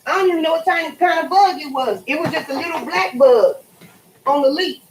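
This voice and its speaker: A woman's voice: high voice, fairly quick, reverberant, a little hiss or hum, poor audio. A woman talking casually and swearing freely while cleaning greens at her kitchen sink for a cooking vlog. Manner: animated, profane, swears freely. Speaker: cooking vlogger.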